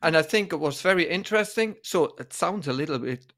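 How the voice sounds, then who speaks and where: A man co-hosting a dance podcast in casual conversation, often pausing to search for words mid-sentence. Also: fairly high pitch, lively intonation, fairly bright tone.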